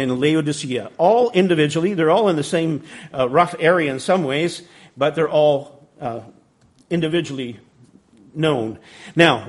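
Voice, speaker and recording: A man teaching a Bible study, reading scripture aloud and explaining it in a conversational way, with the odd story. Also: a little high. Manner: conversational, with ums and a humorous story.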